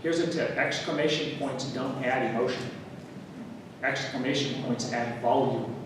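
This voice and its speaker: A man giving a workshop talk on writing at a writers' meeting, teaching in a relaxed way with wry asides. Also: medium pitch, measured pace. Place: meeting hall. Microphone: room recording from a distance. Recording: echoey hall recorded from far off with noise.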